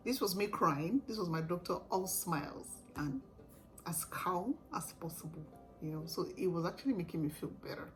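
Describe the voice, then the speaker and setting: A young woman vlogger telling her own story in a casual, animated way, often laughing. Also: fairly low pitch, moderate pace, faint music behind, poor audio.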